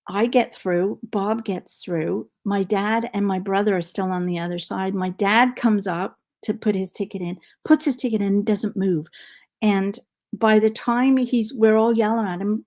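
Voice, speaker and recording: A woman's voice: mid-range voice, a little slow, darkish tone. A middle-aged woman hosting a knitting livestream, telling a rambling story in casual chat and counting stitches aloud.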